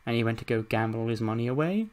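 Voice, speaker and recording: A man's voice: mid-range voice, lively intonation, darkish tone. Sweary man narrating a game. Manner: laughing, sweary, fast storytelling. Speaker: gaming channel host. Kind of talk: casual let's-play narration.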